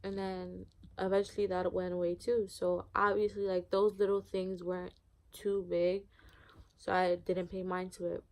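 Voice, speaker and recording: Young woman vlogger, lowish flat voice, chatty storytime ramble, lots of "like". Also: moderate pace. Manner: rambling, heavy use of "like", candid. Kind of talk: casual storytime monologue.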